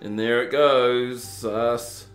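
A man's voice: mid-range voice, steady tone, very slow. A man from Tasmania with an Australian accent, chatting casually and jokily as he reviews drinks for his home video channel. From southern Tasmania. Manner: chatty, self-mocking, plays up the poshness as a joke. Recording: roomy echo with faint background music.

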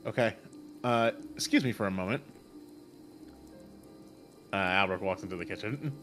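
A man playing a tabletop game, speaking hesitantly with many pauses. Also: on the low side, fairly bright tone. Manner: hesitant, halting speech. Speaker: player. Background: faint background music.

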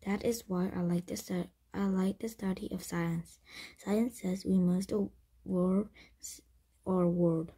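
A woman reading the lines of a calm, wise grown male caravan leader in a slow, breathy, half-whispered voice. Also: fairly low pitch, full character voice.

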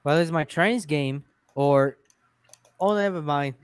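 A man's voice: on the high side, takes it slowly, clear, resonant tone, no echo, clean studio sound. Laid-back man hosting a voice chat. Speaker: stream host. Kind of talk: casual group voice chat.

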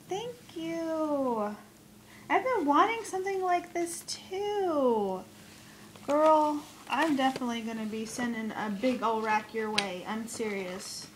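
A woman with a high, bright-pitched voice gushes her way through a craft haul, full of gasps and delighted exclamations. She talks at an unhurried pace, dwelling on each gift. A steady hiss of noise sits under the recording. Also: low-quality recording. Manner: gushing and excitable, gasps and repeated exclamations. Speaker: crafting vlogger. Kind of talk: casual unboxing haul video.

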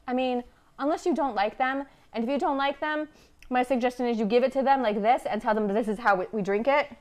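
Chatting casually on a livestream from her home kitchen, this Afghan cooking show host is wry and teasing. Her voice is on the high side and a little mellow, and her pace is fairly quick.

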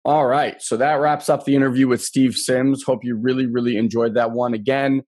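A man's voice: medium pitch, level tone, normal speed, darkish tone. A man hosting an interview in a loose, chatty way with many fillers. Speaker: interview host. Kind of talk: casual interview.

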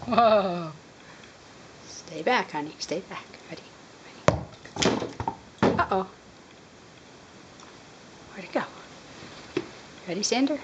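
A woman coos at a dog in high, bouncy baby talk, her pitch leaping up and down. She sounds homey and affectionate, caught on a home camcorder. Clear background noise sits under her voice. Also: lively intonation, takes it slowly, pauses often, dull audio. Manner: sing-song baby talk to a pet. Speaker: dog foster carer. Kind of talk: home video talking to a dog. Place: home with dogs.

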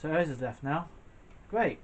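A man's voice: a little high, a little slow. A man giving jokey, reactive let's play commentary, talking back at the game as he plays. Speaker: gamer.

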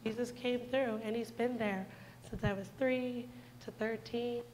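Woman, 20s, church testimony, slightly high and even voice, sincere and direct with the congregation. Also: a little slow, slight background noise, rough recording. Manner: earnest, heartfelt storytelling that addresses the congregation directly. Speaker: church speaker giving a testimony. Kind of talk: personal testimony in a church service.

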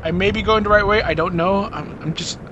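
A man's voice: sits high, a little fast, highs cut off, background noise. A man co-hosting a casual let's-play, chatting in a rambling, profane and joking way. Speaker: gameplay co-host. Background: game music.

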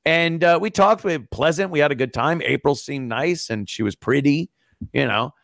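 Wry, profane middle-aged man, higher pitch. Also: lively intonation, moderate pace, creaky, a bit bright, no echo, studio quality. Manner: profane, wry, laughs often. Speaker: guest, former radio host. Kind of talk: casual podcast chat.

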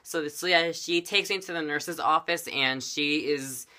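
A man's voice: on the high side, measured pace, bright, forceful tone. A man telling a personal story in a casual vlog, rambling with lots of fillers and dramatic emphasis. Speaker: vlogger.

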